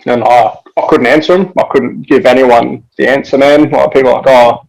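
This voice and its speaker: A man's voice: medium pitch, steady tone, a little fast, vocal fry, a little mellow, low-quality recording. A man, a podcast guest talking in casual chat, laid-back and swearing freely, saying "man" and "like" a lot.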